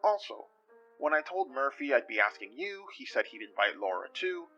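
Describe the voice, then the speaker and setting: A man's voice: medium pitch, very animated, normal speed, pushed and bright, muffled recording, soft background music. A man playing a fumbling detective. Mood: awkward. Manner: hesitant, fumbling, self-deprecating. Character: awkward man detective in a trench coat. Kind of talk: audio drama acting.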